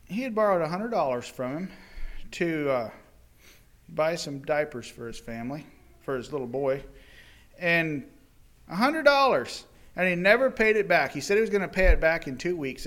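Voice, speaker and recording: A male preacher giving a sermon, retelling a parable in animated, dramatic storytelling. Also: sits high.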